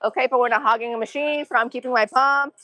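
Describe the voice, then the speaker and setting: A woman's voice: high-pitched, steady tone, fast talker, pushed and bright, no echo, poor audio. A young adult woman from Massachusetts with a Massachusetts accent, livestreaming a gym workout, counting reps aloud and chatting casually with viewers. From Massachusetts, USA. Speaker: fitness livestreamer. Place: gym, indoors.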